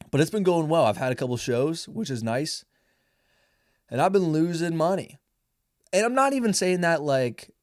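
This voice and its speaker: A man's voice: medium pitch, dry recording. Rambling, profane young man, dry room. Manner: rambling, profane, self-mocking. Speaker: podcast host. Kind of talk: casual solo podcast monologue.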